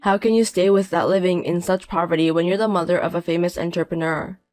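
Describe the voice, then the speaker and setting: A man's voice: high-pitched, fairly even intonation, quick pace, a little mellow, soft background music, close to an everyday voice. A man voicing a desperate broke ex-husband in his 50s. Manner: pleading, self-pitying. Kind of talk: narrated audio drama.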